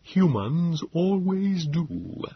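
An enigmatic male Morlock, as a man puts him on, speaks in an eerie, hushed near-whisper. Every word comes out slow and measured. The audiobook recording sounds dull and dry. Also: fairly high pitch, very animated, slightly rough, dry recording, pitched above the performer's own voice, heavily acted. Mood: hushed, grave.

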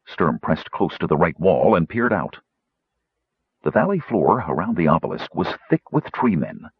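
Brief: deep, husky male audiobook reader, expressive melody, dry, muffled recording. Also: no room sound. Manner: measured storytelling, shifting into character voices. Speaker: audiobook narrator. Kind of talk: scripted fantasy narration.

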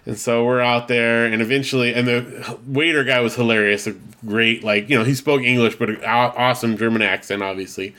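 A man's voice: medium pitch, fairly even intonation, brisk, few pauses, sharp tone. A man co-hosting a podcast, telling stories in casual chat and laughing often. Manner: chatty storyteller, laughs often. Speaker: podcast co-host.

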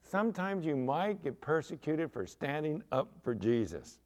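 A middle-aged man, a pastor, preaching a sermon with animated storytelling and acted-out quotes. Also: a little high, normal speed.

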